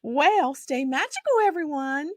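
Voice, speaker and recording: A woman hosts a relaxed interview, reacting with gasps, "oh"s and small laughs. Her voice sits high, and the recording is dry and close. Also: dry recording. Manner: warmly encouraging, quick gasps and little laughs. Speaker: podcast host. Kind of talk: casual chat.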